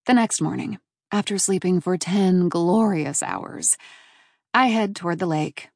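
A woman reading a first-person novel aloud as an audiobook narrator, in a warm and measured storytelling manner. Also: on the low side, gravelly, no room sound, studio quality.

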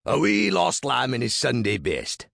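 A man's voice: mid-range voice, wildly swooping pitch, unhurried, gravelly, a bit bright, dry recording, studio quality, voice pushed up, exaggerated voice. A man voicing a brash, swaggering Scottish frontiersman who mocks and taunts. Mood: mocking.

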